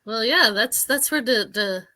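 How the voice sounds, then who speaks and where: A woman's voice: on the high side, a little slow, sharp tone. A woman telling a funny story in a casual podcast panel, laughing often.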